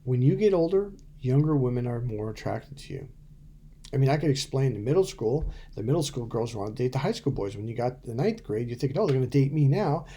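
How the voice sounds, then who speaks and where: A man's voice: medium pitch, animated, brisk, warm tone, breathy edge. A middle-aged man, a dating coach, talking bluntly and profanely to camera, telling stories and acting out quotes. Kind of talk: casual to-camera coaching talk.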